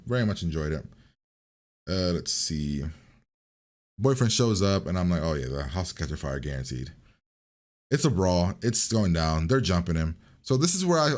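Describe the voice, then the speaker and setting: A man's voice: low-pitched, darkish tone. A man casually recapping a TV episode in a rambling, chatty way, with lots of fillers and restarts. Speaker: reaction video host.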